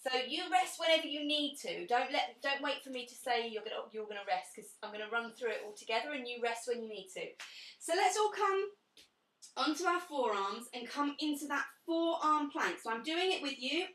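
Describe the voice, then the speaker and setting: A woman's voice: high voice, animated, a little fast, a bit bright, far from the mic. A young woman teaching a pilates class, counting breaths and giving friendly corrections to participants. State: out of breath at times. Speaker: pilates instructor. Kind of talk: live online fitness class instruction. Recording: echoey room, away from the mic.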